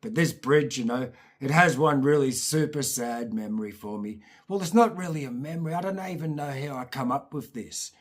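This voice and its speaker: A man tells a long childhood story in a loose, chatty way, swearing freely as he goes. His voice is husky and a little rough around the edges. He keeps his pitch at an ordinary middle height. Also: moderate pace, few pauses. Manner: rambling, profane, chatty. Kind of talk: casual spoken storytelling.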